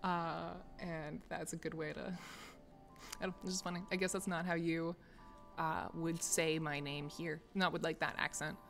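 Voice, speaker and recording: A woman's voice: deep voice, flat delivery, measured pace, faint music behind. A young woman chatting casually with viewers on a stream, rambling with lots of fillers and frequent laughter. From United States. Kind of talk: casual chat. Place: office.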